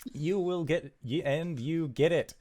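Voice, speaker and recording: A man's voice: fairly high pitch, measured pace, darkish tone. A man narrating a tabletop game as game master, describing scenes at length with many fillers.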